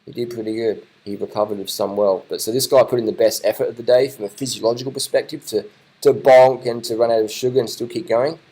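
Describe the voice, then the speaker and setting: A man's voice: medium pitch, steady tone, fast talker, warm tone, breathy edge, rough recording. A man giving casual, rambling commentary over race footage, swearing and repeating himself as he watches.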